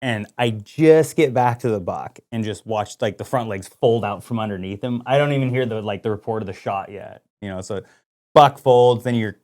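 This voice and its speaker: Casual male podcast co-host, lively storyteller who acts out what people said. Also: fairly low pitch, moderate pace. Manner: animated storyteller, lots of "like" and quoted dialogue. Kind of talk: casual hunting story chat.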